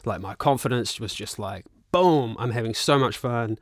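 A man in his thirties with a New Zealand accent, telling a long casual story as a podcast guest, animated, laughing and swearing freely. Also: medium pitch, moderate pace, no echo, clean studio sound. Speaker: guest musician and actor.

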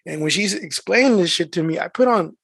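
A man's voice: sits high, expressive, fairly quick, gravelly, a bit bright, husky, no echo, studio quality. A man in casual chat with friends, telling a story with laughter and frequent swearing. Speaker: mail carrier.

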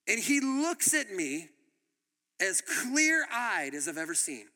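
A pastor preaching a sermon in a high, bright voice with an animated, laughing way of telling stories. The sound carries the long reverb of a church hall. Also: male voice, slow pace. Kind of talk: sermon with storytelling.

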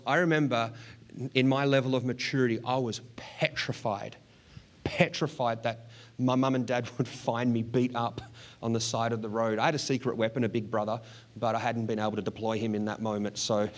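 A middle-aged man delivers a sermon as a pastor. He tells a personal story in an earnest way, laughing often. His pitch sits in a middling range.

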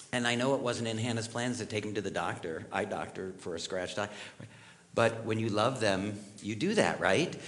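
A middle-aged male pastor delivers a sermon in a conversational style, sharing personal stories and posing questions to his listeners. His voice sits in the mid range with a fairly bright tone.

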